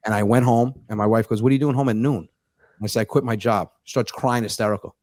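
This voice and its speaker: A man in his thirties, a comedian telling stories in a fast, profane, sarcastic casual chat. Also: lowish voice, steady tone, a little mellow, no room sound, studio quality. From United States. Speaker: comedian guest.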